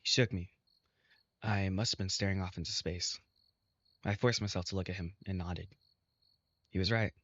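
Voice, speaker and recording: A man reads a visual novel aloud in steady first-person narration. His voice is low. The recording is dull and lo-fi, dry with no room echo. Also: moderate pace, long pauses. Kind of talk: reading a game aloud.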